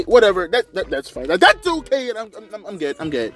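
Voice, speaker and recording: A young man talks through a wrestling show with a high voice that swings all over. He rambles, swears freely and uses plenty of slang. Faint music runs underneath. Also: brisk, hardly any pauses. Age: young adult. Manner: excitable, profane, rambling with slang. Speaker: wrestling commentator. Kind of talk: casual watch-along commentary.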